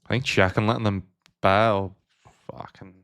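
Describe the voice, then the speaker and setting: A man's voice: lowish voice, fairly even intonation, normal speed, a bit bright, smooth. Casual man streaming poker. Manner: casual, swears, talks to chat. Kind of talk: live-stream commentary while playing.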